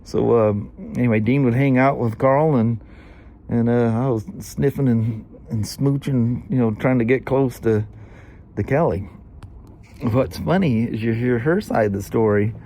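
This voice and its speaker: A man in his sixties with a Southern US accent spins a long, rambling story in casual vlog chat, sprinkling in plenty of "you know" and "anyway." His medium-pitched voice is mellow and unhurried.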